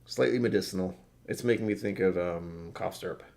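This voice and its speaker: Sleepy guy rambling about whisky smells, kinda low voice, swears a bit. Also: a little fast, gravelly, darkish tone. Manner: rambling, self-deprecating, swears casually. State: tired from poor sleep. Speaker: whisky reviewer. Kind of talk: casual tasting notes to camera.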